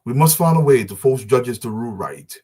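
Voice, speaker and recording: A man delivers a fervent live-stream address. He speaks as a community advocate, hammering his points home in repeated rallying phrases. His voice sits at an ordinary pitch for a man. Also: expressive, a little fast, dark tone, slightly rough. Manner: emphatic, repetitive rallying oratory.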